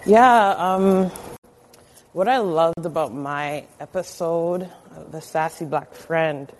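A woman actor speaking in a reflective, measured way as a guest in a casual podcast interview. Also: low-pitched, a little mellow, slight background noise, low-quality recording.

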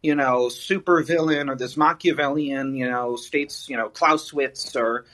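A man's voice: medium pitch, fairly even intonation, normal speed, a bit bright, poor audio. Rambling thirty-something man calling in. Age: 30s. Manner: rambling, hesitant, many fillers. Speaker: caller. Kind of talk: casual chat.

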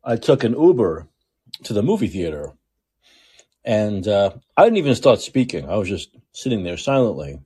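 Emphatic New York man, husky low voice. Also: sing-song, moderate pace, mellow. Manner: emphatic and repetitive, restating points. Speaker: show host. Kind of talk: political commentary monologue.

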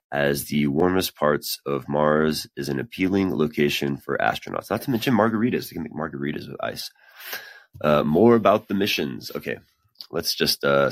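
A man's voice: a bass voice, vocal fry, a bit bright, no echo. A man hosting a podcast, reading science news aloud and breaking off into casual, swearing, self-deprecating asides. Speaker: podcast host.

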